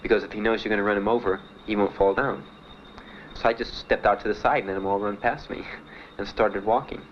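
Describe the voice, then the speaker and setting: Older man, interviewee, halting and plain, fillers throughout; dull, slightly noisy archival audio. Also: on the low side, steady tone. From Miami. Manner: plain, halting storytelling with many "uh"s and "you know"s. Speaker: Vietnam veteran interviewee. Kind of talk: personal recollection in an interview.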